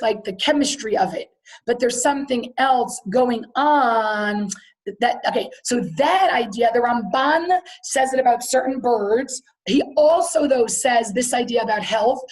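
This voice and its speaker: High voiced woman teaching a text class, reads a line then explains it, keeps quizzing the students. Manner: lively, reads Hebrew then explains in English; questions the class often.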